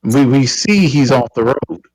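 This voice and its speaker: A man in a podcast debate who teases the others and jumps in with quick remarks. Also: medium pitch, animated, darkish tone, no echo, rough recording. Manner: teasing, quick interjections. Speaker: podcast co-host. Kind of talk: heated debate.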